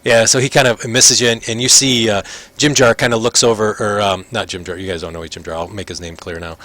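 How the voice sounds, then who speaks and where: A man's voice: lowish voice, fairly even intonation, brisk, fairly bright tone, no echo. A man running a tabletop game as game master, narrating casually with many fillers.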